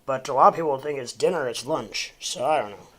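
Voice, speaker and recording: A man from the United States on a casual livestream, rambling along with plenty of fillers and restarts. His voice sits at an ordinary middle pitch, and he breaks off now and then to talk to his dog. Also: brisk, fairly bright tone. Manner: talks to his dog mid-stream. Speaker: crypto livestream host.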